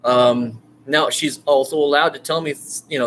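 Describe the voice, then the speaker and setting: A man teaching an online writing course in a loose, rambling way, full of fillers and restarts, now and then bursting into eager excitement. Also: fairly high pitch, slow, slight background noise. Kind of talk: casual screen-share lecture.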